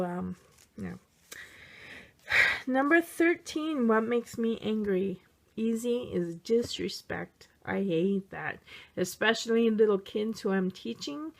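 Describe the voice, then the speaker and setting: A woman's voice: medium pitch, vocal fry. A woman chatting casually to camera in a vlog, answering tag questions candidly with plenty of fillers. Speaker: teacher of young children. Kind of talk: casual chat.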